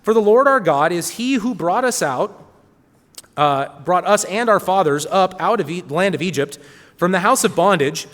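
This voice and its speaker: A man's voice: high voice, big-room sound. A man giving a sermon, reading scripture aloud with earnest, rising emphasis. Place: church hall.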